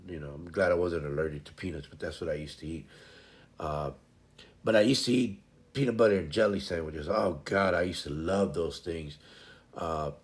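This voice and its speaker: A man in his fifties hosting a live stream, chatting casually in a folksy, meandering way with lots of fillers and restarts. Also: sits low. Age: 50s. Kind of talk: rambling casual chat.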